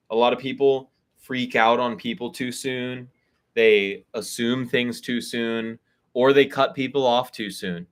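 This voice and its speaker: A spiritual reader and community host speaks on a live online video call, his mid-range voice a bit bright. He gives casual, candid friendship advice and acts out pieces of dialogue.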